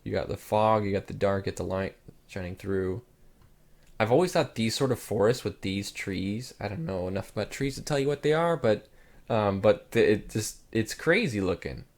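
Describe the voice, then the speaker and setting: Speaking at a moderate pace with a fairly low pitch, this young channel host reacts to pictures. The chat is casual and meandering, easygoing in manner and heavy on "like" fillers.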